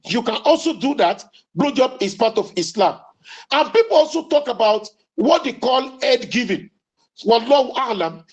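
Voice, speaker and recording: A man giving a religious lecture as an Islamic preacher, deliberate and emphatic, quoting Arabic sayings and repeating key lines. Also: extremely high pitch, expressive, highs cut off. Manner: quotes Arabic sayings then explains them.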